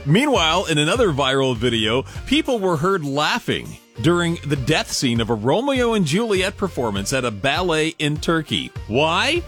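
A male radio host reading feel-good stories in an upbeat, chatty way. His voice sits a little high and moves with lively pitch.

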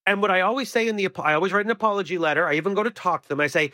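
A man's voice: sits high, very fast, hardly any pauses, bright, forceful tone, no echo, clean studio sound. A man co-hosting a radio show, giving advice in an earnest, emphatic, opinionated way. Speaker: radio co-host.

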